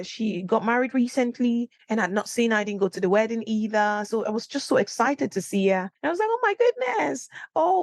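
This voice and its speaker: A woman's voice: medium pitch, no room sound. Woman doing a solo podcast, chatty storytelling, acts out quotes big, super dry room. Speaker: podcast host. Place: indoor room, recording at home setup.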